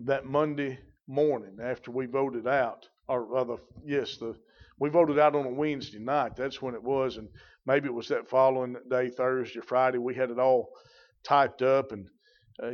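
A man, a pastor preaching a sermon in a folksy, rambling way with many fillers. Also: mid-range voice. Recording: dull, lo-fi recording.

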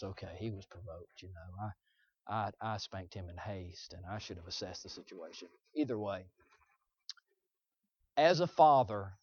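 A young man preaching, telling a personal story in an earnest, confessional way that swings from loud to hushed. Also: fairly low pitch, no room sound, muffled recording. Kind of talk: sermon illustration.

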